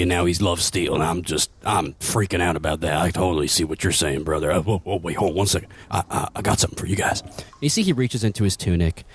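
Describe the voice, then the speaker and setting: A man putting on a big, burly older prisoner whose voice drops a little lower than usual. He is chatty and folksy, always leaning in with a friendly word, in a tabletop game. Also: husky, no echo. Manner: folksy, conspiratorial.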